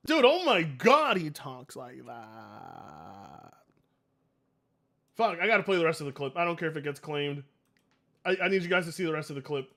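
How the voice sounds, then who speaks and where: A man in his late twenties reacting to clips on a live stream, excitable, laughing often and swearing. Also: fairly high pitch, quick pace. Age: 20s.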